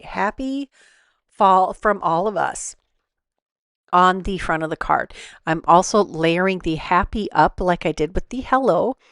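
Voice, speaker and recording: A woman with a fairly low voice talks through a paper craft project step by step, relaxed and unhurried, with the odd "um". The recording is dry and close, with no room sound. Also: no room sound. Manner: relaxed, step-by-step explaining with fillers. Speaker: card-making tutorial host. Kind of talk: voice-over craft tutorial.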